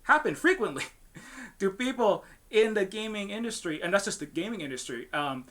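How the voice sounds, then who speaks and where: A man's voice: sits high, expressive, moderate pace, fairly bright tone. A man from Hawaii speaking on a panel as a game studio founder, heated and ranting, swearing and restarting his sentences often. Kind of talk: impassioned panel discussion.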